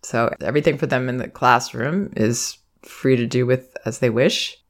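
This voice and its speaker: A woman parenting educator giving calm, reflective advice in a monologue, sometimes acting out soothing phrases meant for a child. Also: extremely low pitch, moderate pace. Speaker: parenting educator and podcast host.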